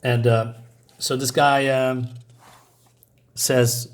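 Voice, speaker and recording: A man's voice: mid-range voice, little pitch movement, extremely slow. A man giving a casual comic book review, rambling with many fillers and self-corrections and reading the dialogue aloud in a mostly plain voice.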